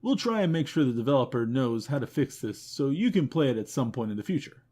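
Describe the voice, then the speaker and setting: A man hosting a game news show, running through a list of games with quick wry comments and self-mocking asides. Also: mid-range voice, very animated, darkish tone. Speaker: host. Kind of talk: rapid game review roundup.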